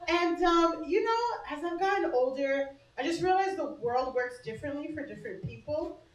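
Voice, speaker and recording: A young woman with a high voice doing brash, self-mocking stand-up as the host of a small club show. She swears freely and breaks into laughter often. The sound is echoey and picked up from a distance. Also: lively intonation, moderate pace. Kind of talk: stand-up comedy set. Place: small comedy bar stage.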